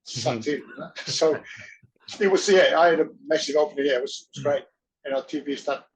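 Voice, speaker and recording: A middle-aged actor and wrestler chats as an interview guest in a slightly high voice, talking a little fast. He's animated, doing the voices of people in his anecdotes during this casual storytelling, though the audio is dull and muffled.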